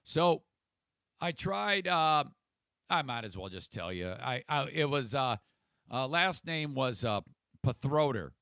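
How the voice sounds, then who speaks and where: A man's voice: medium pitch, lively intonation, slow pace, gravelly, fairly bright tone, clear, resonant tone, dry recording. A podcast host talking through a casual livestream monologue, rambling and irritable, swearing freely and restarting his sentences.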